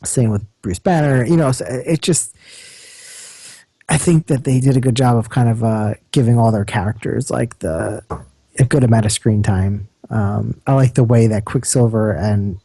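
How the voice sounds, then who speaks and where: A man's voice: mid-range voice, moderate pace, dark tone, husky, no room sound. A man co-hosting a podcast, chatting casually about a movie with hesitant phrasing and many fillers. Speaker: podcast co-host. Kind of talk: casual chat, movie review.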